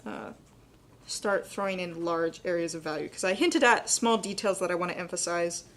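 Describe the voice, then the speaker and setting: A young adult woman giving a live painting demonstration, talking quickly and chattily and laughing often. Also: on the low side, a bit bright. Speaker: painting instructor.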